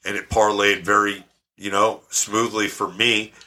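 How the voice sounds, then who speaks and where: A brash, animated man with a somewhat low voice tells stories on a podcast. He talks in a casual, profane way. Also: measured pace. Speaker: podcast guest. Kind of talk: casual storytelling.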